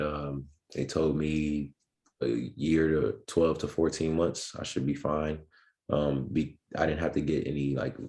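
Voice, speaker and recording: A young man with an extremely deep, low voice speaks as a podcast guest. He tells his story in a relaxed, unhurried way and fills his pauses with ums and restarts. The feel is casual interview talk. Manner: laid-back, filler-heavy storytelling. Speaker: podcast guest, pro basketball player.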